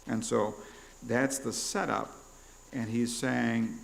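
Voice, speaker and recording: A man's voice: mid-range voice, unhurried, creaky, rough recording. A man preaching a sermon as pastor, teaching through questions and acting out quoted prayers. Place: church.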